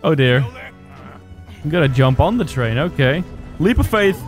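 Excitable laughing gamer guy. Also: a little high, a little slow, long pauses, soft background music. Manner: excitable, laughs a lot, exclaims at the game. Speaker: gaming video host. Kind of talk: casual let's-play commentary.

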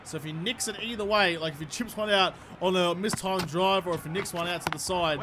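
Excitable gamer, high voice, noisy. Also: male voice, brisk. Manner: excitable, swears freely, talks to his player. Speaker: gaming YouTuber. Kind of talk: gameplay commentary.

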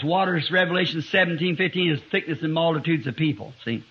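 A man in his fifties preaching a sermon to a congregation, climbing to loud emphatic lines and dropping to quiet asides. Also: fairly high pitch, fast talker, hardly any pauses. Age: 50s. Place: church before a congregation. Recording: muffled lo-fi 1960s sermon tape.

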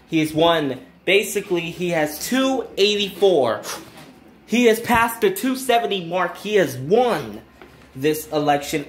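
A young woman vlogging to her viewers, gushing with excitement and swearing freely. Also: low-pitched, roomy sound. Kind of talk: excited casual vlog.

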